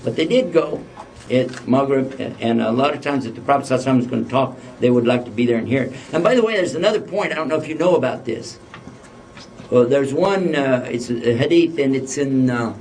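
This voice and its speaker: A man's voice: medium pitch, expressive, fast, a little mellow. A man giving an Islamic lecture to a live audience, joking and putting questions to the listeners. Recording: voice a bit distant from the mic.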